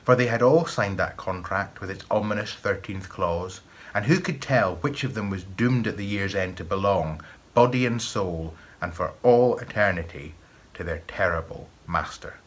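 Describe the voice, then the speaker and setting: A man with a Scottish accent from the east of Scotland, reading a folk tale aloud in an expressive storytelling manner. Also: low voice, moderate pace.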